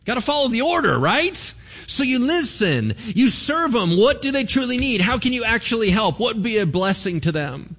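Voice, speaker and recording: A man's voice: very high-pitched, normal speed. A middle-aged man preaching a sermon in a casual, conversational way, acting out short exchanges between people. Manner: conversational, animated, acts out little dialogues. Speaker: pastor.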